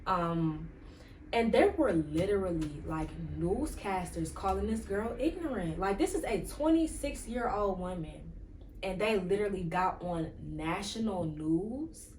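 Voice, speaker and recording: A woman's voice: mid-range voice, expressive, measured pace, a little mellow, a little hiss or hum. A woman hosting a podcast, talking in a casual, rambling way with lots of "like" and "um" fillers. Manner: rambling, chatty, full of "like" and "um". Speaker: podcast host. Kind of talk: casual solo commentary. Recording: echoey room, distant from mic.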